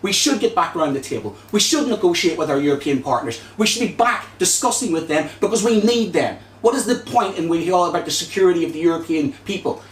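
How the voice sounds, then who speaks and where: Northern Irish man, slightly high voice, heated hustings speech in an echoey hall. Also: expressive, fast, few pauses. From Northern Ireland. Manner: forceful, indignant, rhetorical. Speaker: Green Party candidate at a hustings. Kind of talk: impassioned public debate speech. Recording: echoey hall, distant mic, faint noise.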